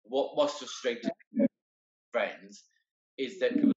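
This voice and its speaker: A man talks in a middle-pitched voice, earnest and halting, doubling back over his words as he goes. He is heard over a video call, and the sound is roomy and a little dull and lo-fi. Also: darkish tone. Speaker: guest, wheelchair marathon entrant. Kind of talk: casual conversation.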